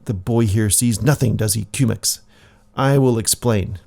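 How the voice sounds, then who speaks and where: A man's voice: on the low side, unhurried, creaky, mellow. A man voicing a haughty male priest who sneers and insults the others. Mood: condescending.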